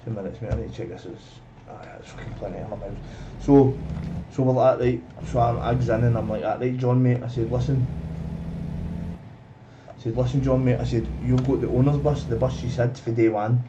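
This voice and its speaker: A man's voice: mid-range voice, fairly even intonation, brisk. A man gaming on a live stream, telling a rambling story, swearing and calling everyone "mate". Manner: rambling, swears often, says "mate" constantly. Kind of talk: casual storytelling while streaming. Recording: dull lo-fi, off-mic, noisy.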